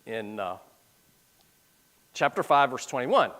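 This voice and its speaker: A man's voice: medium pitch, very animated, takes it slowly, a bit bright. A middle-aged man preaching, reading scripture aloud and breaking into plain-spoken asides to explain it.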